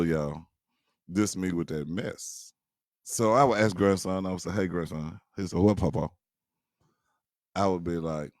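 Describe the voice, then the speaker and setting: Older grandfather type, low voice, chatty and teasing, talks straight to his viewers. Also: no echo, clean studio sound. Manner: chuckling, teasing, keeps addressing listeners as y'all. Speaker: grandfather telling family stories. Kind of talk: casual storytelling to viewers.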